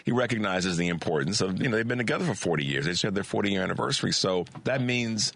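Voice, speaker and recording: A male radio talk host with a very low voice and a scratchy throat, heard on a dry, close studio microphone. He chats and reads sponsor spots energetically, full of restarts. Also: quick pace, vocal fry, husky, no room sound. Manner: energetic, many restarts and fillers.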